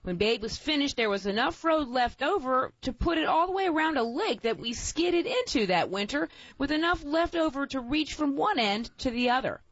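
A woman spins a folksy yarn in a playful way. Her voice sits a bit high and moves up and down a lot. The sound is dull and dry, like an older lo-fi recording. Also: animated, normal speed, few pauses, no room sound. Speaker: storyteller and co-host. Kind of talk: folksy tall-tale storytelling.

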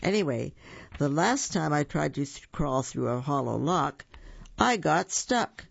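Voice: medium pitch, animated, measured pace, creaky, husky, lo-fi sound, heavily acted. A reader voicing a moaning gloomy bear. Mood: glum. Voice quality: mournful sighing.

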